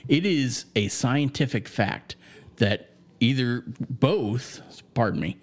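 A man's voice: mid-range voice, animated, slow. A man co-hosting a podcast, chatting loosely about a film with a lot of swearing and filler words. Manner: rambling and profane, with lots of fillers. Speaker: podcast co-host reviewing a film. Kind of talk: casual chat.

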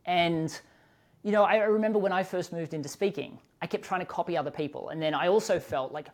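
A man hosting a podcast interview, telling stories in an animated, expressive way with sudden lifts in his voice. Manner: animated, expressive storytelling with quick rises in pitch. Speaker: podcast host. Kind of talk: conversational interview.

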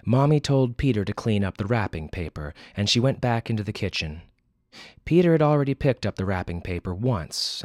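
Expressive male story narrator. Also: lowish voice, no room sound, clean studio sound. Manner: expressive, with wry casual asides. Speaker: podcast host and story narrator. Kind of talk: dramatic story reading.

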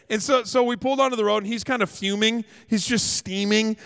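A Canadian-born male pastor preaching with humour and emphatic storytelling. His voice sits fairly high, and it rings out with a long reverb in a large hall. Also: fairly even intonation, fairly quick, few pauses, a bit bright, smooth. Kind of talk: sermon. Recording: echoey hall.

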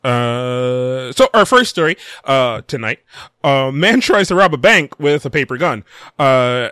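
A man's voice: medium pitch, pushed and bright, no room sound, clean studio sound. A man hosting a casual podcast, reading news stories with frequent ums and uhs. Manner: reads news with many fillers. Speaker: podcast host.

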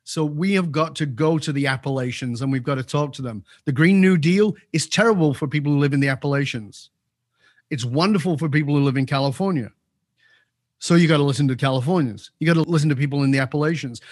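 A man's voice: on the high side, no room sound, studio quality. A man as an interview guest giving opinionated commentary, emphatic and repeating key points for force.

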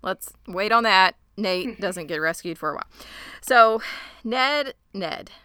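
Crisp, bright woman recapping from notes. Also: medium pitch, moderate pace, no room sound, studio quality. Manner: reads from notes, conversational summary. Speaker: podcast co-host. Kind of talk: casual chat recapping a show.

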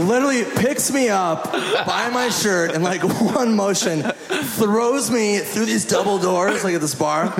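A man performing a stand-up comedy set, telling a story with lively delivery and laughing at his own jokes. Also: high-pitched, measured pace, gravelly, crowd noise. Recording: echoey venue with loud laughter. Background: audience laughter.

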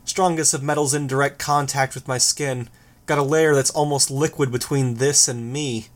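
A man voicing a nervous young woman hero in metal armor, speaking quietly and shakily in a raised voice. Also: medium pitch, fairly even intonation, moderate pace, lightly acted. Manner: shaky, quiet, fretful.

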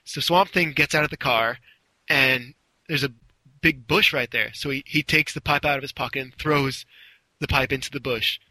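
A man's voice: mid-range voice, normal speed, pushed and bright, no room sound, low-quality recording. A man casually telling a long story, rambling a little and acting out the quotes. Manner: rambling, with restarts and acted-out quotes.

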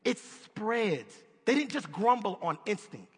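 A man's voice: high voice, big pitch swings, unhurried, husky. A man preaching a sermon in a conversational, emphatic way, putting questions to his listeners. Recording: long hall reverb.

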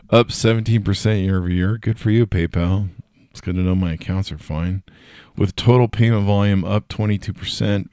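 A man's voice: deep voice, mellow, no room sound, studio quality. A man hosting a casual solo news podcast, tired and yawning, rambling with jokes and swearing. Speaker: podcast host.

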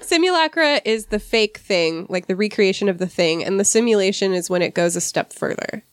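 A woman's voice: medium pitch, animated, brisk, clear, resonant tone, dry recording, studio quality. A woman hosting a casual literary discussion podcast, reading quoted passages and stumbling over hard words. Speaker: podcast host.

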